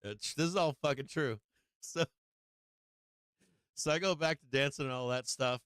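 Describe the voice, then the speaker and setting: A man's voice: medium pitch, normal speed, fairly bright tone, clear, resonant tone, no room sound. A man hosting a live stream, telling a casual anecdote in a rambling way, full of fillers, swearing and laughs. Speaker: host of a stock market live stream.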